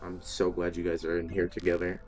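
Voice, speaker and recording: A man's voice: sits low, completely flat delivery, a little fast, a little mellow, soft background music. A man giving let's play commentary, talking to the game's characters and breaking into startled exclamations. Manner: talks to game characters, frequent startled exclamations. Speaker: gaming video host.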